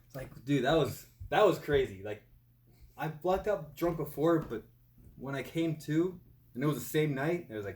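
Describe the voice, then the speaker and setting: A man's voice: on the high side, lively intonation, normal speed, darkish tone. A young man in casual chat, laid-back and slangy. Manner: laid-back, calls people "dude".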